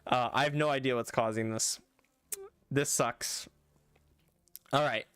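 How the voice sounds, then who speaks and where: A man's voice: medium pitch, steady tone, unhurried, fairly bright tone, clear, resonant tone, dry recording. Rambling young-sounding male streamer, dry mic. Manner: rambling, self-correcting, talks back to chat. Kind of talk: casual live-stream chat while gaming.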